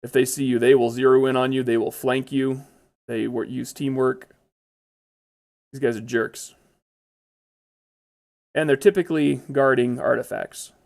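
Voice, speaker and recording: A man's voice: mid-range voice, fairly even intonation, a little slow, vocal fry, pauses often, a little mellow. A man giving casual, chatty commentary over his own gameplay, blurting out exclamations when startled.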